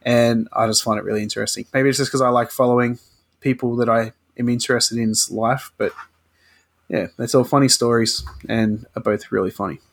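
A man's voice: medium pitch, steady tone, a little fast. Chatty Australian man. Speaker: podcast co-host. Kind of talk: casual podcast chat.

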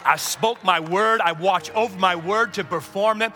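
A man's voice: high voice, moderate pace, a little hiss or hum. A man preaching a sermon as pastor, emphatic and calling for responses from the congregation. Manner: emphatic, call-and-response preaching that builds to shouts. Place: church sanctuary. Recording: long hall reverb, faint music behind.

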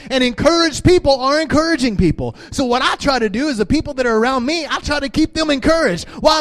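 A man preaching a sermon, swinging from quiet talk to shouting. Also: very high-pitched. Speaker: pastor.

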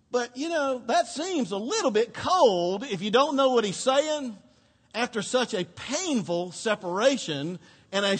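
A male pastor preaching a sermon, telling the story expressively, dropping to a hush and then rising to emphasis. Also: high-pitched, breathy edge. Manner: expressive storytelling, swinging between hushed and emphatic. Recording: long hall reverb.

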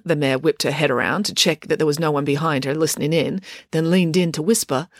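A woman reading her own book aloud as a bedtime story, in an expressive, lively way. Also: low voice, fairly quick, no echo, clean studio sound. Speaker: author and narrator.

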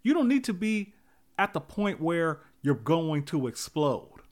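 A man's voice: a little high, sing-song, unhurried. A man giving a casual motivational talk, emphatic and repetitive, with many fillers.

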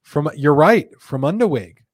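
A man's voice: fairly high pitch, lively intonation, a little slow, husky, dry recording. A man hosting a casual live chat show, laid-back and joking as he reads viewer comments aloud. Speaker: host. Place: company studio.

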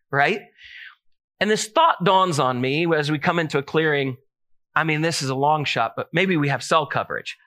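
A man preaching a sermon, telling a story in a lively, animated way with many asides. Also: a little high. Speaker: pastor.

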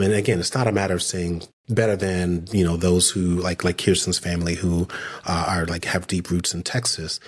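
A man co-hosting a casual podcast interview with a very deep voice. He rambles, restarts often and likes to tease. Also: slightly rough. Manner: rambling, many fillers and restarts, teasing. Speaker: podcast co-host.

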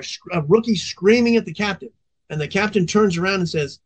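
A man's voice: high voice, fairly quick. A man in his forties, a veteran fire officer, telling a story on a podcast in an intense, profanity-laced way.

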